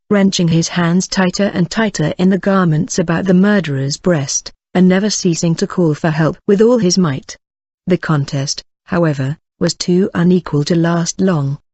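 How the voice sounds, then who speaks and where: A reader narrates a classic novel audiobook in a steady, even way, at a middling pitch. The recording is dry, with no room sound, and slightly dull and muffled. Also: no room sound.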